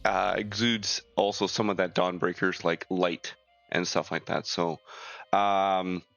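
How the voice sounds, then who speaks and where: A man playing a tabletop game as a player, talking in a halting way with many ums and uhs. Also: low-pitched, steady tone, creaky, a bit bright, dry recording, highs cut off, soft background music. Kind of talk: tabletop role-play as a player.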